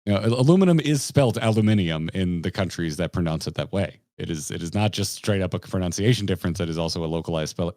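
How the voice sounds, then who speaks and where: A man's voice: low voice, a little mellow, dry recording, studio quality. A young American man co-hosting a podcast, emphatic, crude and sarcastic in casual chat. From United States. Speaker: podcast co-host.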